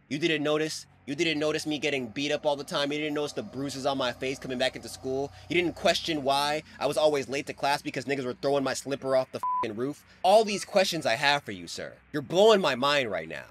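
A man's voice: medium pitch, expressive, fairly quick, slight background noise. A man giving a casual, slang-filled recap of a comic story, emotionally invested in the hero. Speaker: manhwa recap creator.

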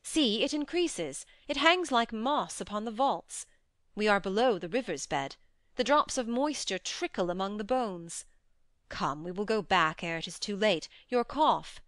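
Vengeful scheming nobleman, calm, mockingly courteous, a woman reading it, smooth voice. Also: mid-range voice, measured pace, no echo, studio quality.

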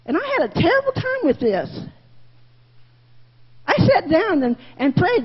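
A woman's voice: extremely high pitch, big pitch swings, moderate pace, pauses often. A woman teaching a Sunday school lesson in a folksy, candid way, often repeating her phrases. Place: church classroom. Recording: muffled reverberant room recording.

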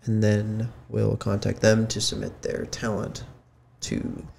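A man co-hosting a podcast, chatting casually with quick interjections and questions. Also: on the low side, flat delivery, gravelly, a little mellow, a little hiss or hum. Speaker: podcast co-host. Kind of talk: casual chat.

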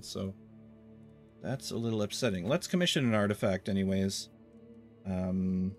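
A man hosting a strategy game let's play, making wry, rambling commentary full of fillers and asides. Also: fairly low pitch. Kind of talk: casual gameplay commentary.

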